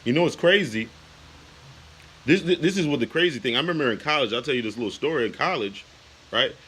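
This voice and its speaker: A man's voice: medium pitch, lively intonation, a little fast, a bit bright, husky, low-quality recording. A man in his late thirties ranting on a casual vlog, heated and repetitive, with lots of "you know" and "man.". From United States. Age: 30s. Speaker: YouTuber.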